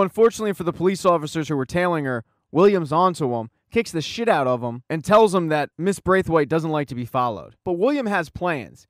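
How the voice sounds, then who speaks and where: A man's voice: fairly high pitch, no echo, studio quality. Man recapping a TV episode. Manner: brisk storytelling with quoted lines. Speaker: recap host. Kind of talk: casual plot recap.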